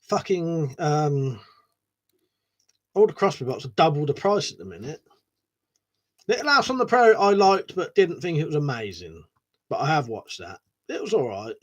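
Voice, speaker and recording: A man hosting a casual live stream, rambling, swearing a lot and laughing as he reads out viewer comments. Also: fairly high pitch. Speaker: livestream host.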